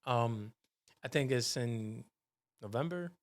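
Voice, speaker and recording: A man's voice: medium pitch, expressive, slow pace. Laughing, playful podcast co-host, man. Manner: laughs often, playful, slangy. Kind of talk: casual comedic chat. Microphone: desktop podcast mic.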